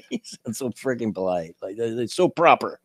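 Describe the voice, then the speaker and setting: An American man hosting a casual live-stream chat, folksy and quick to laugh. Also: mid-range voice, sing-song, breathy edge, no echo, studio quality. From United States. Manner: laughs easily, folksy and chatty. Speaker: host.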